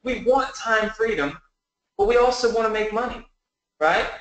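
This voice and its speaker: An earnest online business presenter in his early thirties tells how he rose from nothing, framing it as a motivational pitch and often asking listeners for a yes. His slightly high, a bit bright voice moves at a moderate pace and rings out in a very echoey room.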